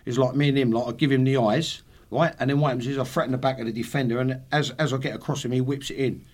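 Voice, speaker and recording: A man's voice: medium pitch, steady tone, quick pace. A man in his sixties, a podcast guest, telling swearing football anecdotes with laughs. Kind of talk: casual storytelling.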